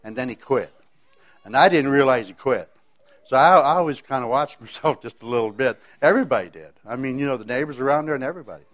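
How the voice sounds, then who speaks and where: A man's voice: medium pitch, quick pace, fairly bright tone. A man telling a personal faith testimony in a folksy, rambling way, often restarting his sentences. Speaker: speaker sharing a faith testimony.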